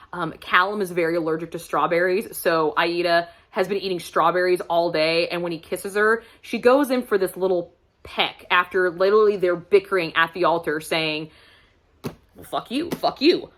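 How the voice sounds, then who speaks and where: A woman's voice: on the low side, fairly bright tone. A woman reviewing books in a casual vlog, chatty and gushing, laughing often as she talks. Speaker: book reviewer.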